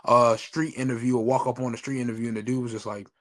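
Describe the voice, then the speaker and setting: A man's voice: mid-range voice, little pitch movement, quick pace. Laid-back slangy man. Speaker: podcast co-host. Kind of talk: casual podcast banter.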